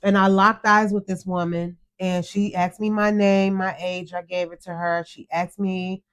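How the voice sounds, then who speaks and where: Her voice sits on the low side, flat and measured as she speaks. The middle-aged woman, a podcast co-host, tearfully and earnestly retells a crash, repeating what she herself said.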